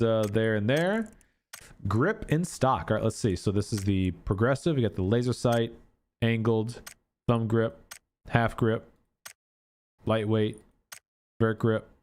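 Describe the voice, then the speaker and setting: A man's voice: mid-range voice, darkish tone. Casual man musing over game skins. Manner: thinking aloud, chatty, fond of filler words. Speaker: gaming YouTuber. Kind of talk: casual gameplay commentary.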